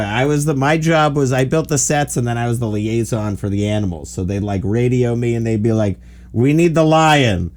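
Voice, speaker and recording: A man in his forties, hosting a podcast and telling a long rambling story with lots of "like". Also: on the low side. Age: 40s. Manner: animated, rambling anecdotes full of "like". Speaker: podcast host. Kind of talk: casual storytelling chat.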